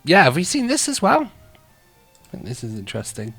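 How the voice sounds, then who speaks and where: A man's voice: on the high side, huge pitch swings, moderate pace, fairly bright tone, slightly rough, no room sound, soft background music. A man hosting a live show in a rambling, chatty way, laughing often as he reacts to what he sees and reads out. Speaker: radio show host and streamer. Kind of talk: casual live-stream chat.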